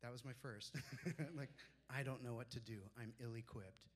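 A pastor in his forties preaching a sermon. He tells personal stories and drops soft and low when he quotes his mentors. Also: fairly even intonation, moderate pace.

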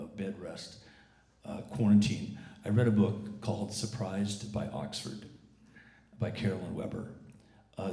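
Roughened male pastor in echoey church. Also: low voice, mellow. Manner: conversational, with frequent restarts and repeated words. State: voice rough from recent illness. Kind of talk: sermon. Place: church service.

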